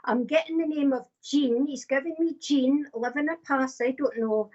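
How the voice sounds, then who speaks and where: Chatty woman with a high voice. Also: normal speed, darkish tone. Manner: chatty, laughs often, many fillers. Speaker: psychic medium giving readings. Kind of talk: live online reading, casual chat. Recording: dull lo-fi stream audio.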